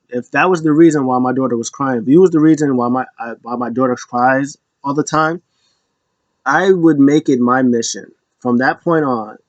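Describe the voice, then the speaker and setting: A man's voice: mid-range voice, no room sound. A man casually recapping wrestling events in a rambling way, acting out what people said in raised voices. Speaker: podcast host.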